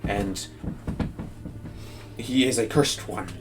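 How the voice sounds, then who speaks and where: A man voicing a weary young nobleman who speaks formally in halting, pause-filled sentences. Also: lowish voice, music in the background. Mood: grave.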